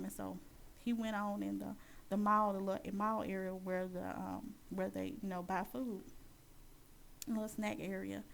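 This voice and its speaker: A woman sharing her Christian testimony as a personal story. She talks earnestly and haltingly, with many fillers and restarts. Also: medium pitch, little pitch movement, creaky, slight background noise.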